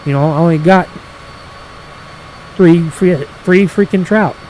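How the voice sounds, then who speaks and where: A man hosts a gaming stream in casual storytelling mode. He is folksy and animated, grumbling and cussing. His voice sits a little high, and faint aircraft engine noise hums underneath. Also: unhurried, rough recording. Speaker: gaming channel host. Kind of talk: casual storytelling while playing.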